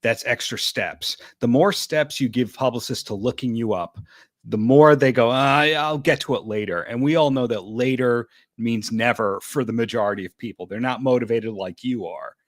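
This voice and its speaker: A man's voice: mid-range voice, normal speed, no echo. A man in casual podcast chat, wry and frank as he gives advice. His voice sits in a middle range, and the recording is dry and close with no room sound. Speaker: podcast guest, interviewer.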